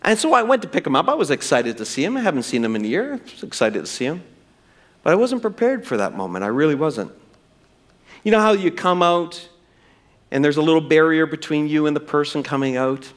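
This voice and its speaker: A pastor in middle age preaches with a sing-song, somewhat high voice and a slightly quick pace. In church he tells an earnest personal story, speaking to the audience as friends before closing in prayer.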